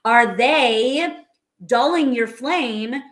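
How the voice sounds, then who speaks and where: A woman co-hosting a live show, giving an animated motivational talk and calling her listeners friends. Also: on the high side, very slow, reverberant. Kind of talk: motivational live-stream chat.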